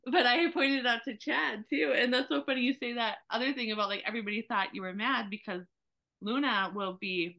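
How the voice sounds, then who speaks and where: A woman co-hosting a casual conversation, telling animated stories and acting out what people said. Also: fairly high pitch, a little fast, vocal fry. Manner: animated storyteller, acts out quotes.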